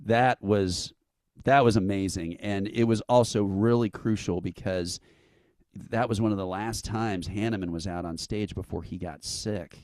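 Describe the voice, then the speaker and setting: Animated man telling a story. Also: fairly low pitch, a little slow, dry recording. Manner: animated storyteller who acts out quotes with laughs. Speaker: interview guest, event founder. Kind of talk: casual anecdote telling.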